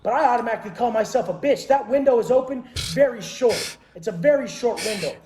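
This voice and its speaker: A man with a high voice, for a man, rants about discipline in a hard, preachy way, peppering every line with curses. The sound is roomy, with echo bouncing around him. He drives his points home like a drill sergeant addressing a crowd. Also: fast talker, a little mellow. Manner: aggressive, cursing, preachy. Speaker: motivational speaker. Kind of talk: profane motivational rant.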